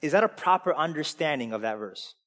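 A man preaching a sermon as pastor, emphatic, swinging between loud preaching and quiet asides. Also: a little high, animated, brisk. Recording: long hall reverb.

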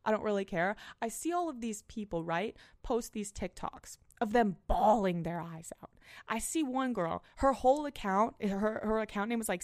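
A young woman rants through a casual solo podcast, blunt and full of swearing. Her voice sits at an ordinary pitch and is recorded dry and close, with no room sound. She gets louder and more animated the further she goes. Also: dry recording. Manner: blunt, frequent swearing, rising and animated when ranting. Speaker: podcast host. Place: small apartment.

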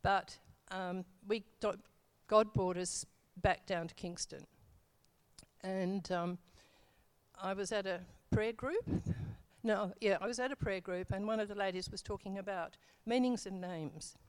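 A woman's voice: mid-range voice, unhurried, clear, resonant tone. Middle-aged woman telling her testimony at church, rambly, keeps correcting herself, um and you know a lot. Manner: rambling, hesitant, with many fillers and self-corrections. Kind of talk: church testimony, casual storytelling.

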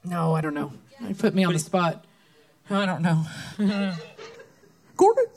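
A woman's voice: fairly low pitch, a little slow, darkish tone, a little hiss or hum. Chatty woman telling rambling stories. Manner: rambling, laughing, goes off on tangents. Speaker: guest singer-songwriter. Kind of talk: casual conversational storytelling.

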